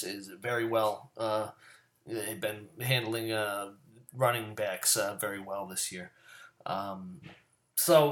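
Man, fantasy football picks, casual rant, heavy swearing, rambling, swings between loud and muttered, mid-pitched voice. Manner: profane, rambling and ranting, swears often; gets loud and worked up, then drops back to low mutters.

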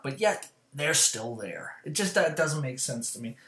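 A man's voice: mid-range voice, animated, measured pace, fairly bright tone, reverberant. A man hosting a casual sports rundown, rambling through scores with profane, self-mocking asides. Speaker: sports talk show host.

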